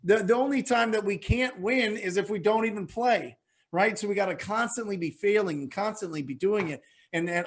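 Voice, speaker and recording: A man coaching real estate investors in a webinar Q&A, energetic and motivational, often repeating phrases for emphasis. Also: high voice, normal speed. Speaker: real estate wholesaling mentor, webinar guest.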